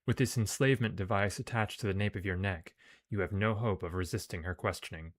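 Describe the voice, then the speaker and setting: A man's voice: lowish voice, brisk, dry recording, studio quality. A man reading game text aloud as narration, with casual, sometimes profane asides. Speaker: game streamer.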